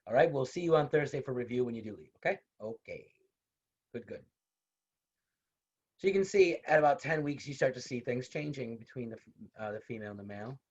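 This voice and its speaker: A man's voice: medium pitch, lively intonation, brisk, pauses often, darkish tone, husky. A man teaching a casual online university lecture, talking conversationally, repeating his points and adding personal asides. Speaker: university instructor. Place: online video class. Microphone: video call. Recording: dull lo-fi video call audio.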